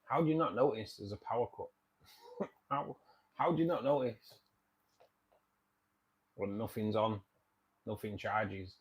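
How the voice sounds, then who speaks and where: A chatty man hosting a casual livestream, talking over viewer comments with a jokey, repetitive patter. His voice sits a little on the low side for a man. He sounds relaxed and at home at his computer. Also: measured pace, pauses often. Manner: chatty, jokey, repeats himself.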